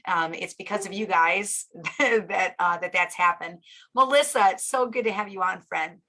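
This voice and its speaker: A middle-aged woman hosting a live stream, chatting casually in an upbeat, gushing way while a bit hoarse from losing her voice. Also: medium pitch, pushed and bright. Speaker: live-stream host and teacher.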